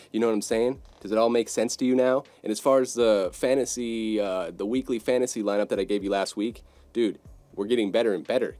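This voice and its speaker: A man hosting a sports podcast, ranting in a brash, profane, casual way, swinging between loud outbursts and low muttered asides. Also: no room sound.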